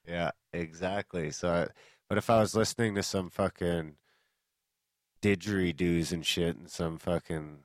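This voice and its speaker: Deep-voiced joking podcast co-host man. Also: fairly even intonation, measured pace, no room sound. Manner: joking, profane banter. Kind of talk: casual chat.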